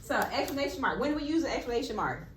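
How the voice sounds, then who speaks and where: A woman's voice: sits high, big pitch swings, racing, slight background noise. A woman teacher giving a one-on-one classroom lesson, asking patient questions with playful emphasis. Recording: echoey classroom.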